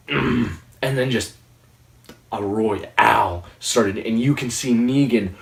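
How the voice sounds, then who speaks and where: A man in his late teens giving a casual, excitable, rambling review of a TV episode. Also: lowish voice, moderate pace. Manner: excitable, rambling, with frequent restarts. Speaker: movie reviewer. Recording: roomy sound, distant from the mic.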